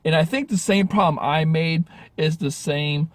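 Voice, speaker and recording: Male vlogger coaching on dating, slightly high voice, meandering and earnest, dead dry sound. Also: normal speed, no echo. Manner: rambling, earnest, frequent self-corrections. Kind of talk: casual advice vlog.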